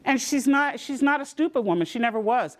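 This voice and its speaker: A woman gives a community health talk. She tells her own stories in a lively way and acts out the voices of the people in them. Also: high-pitched, brisk. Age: 60s. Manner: lively storytelling, acting out voices in quotes. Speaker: presenter.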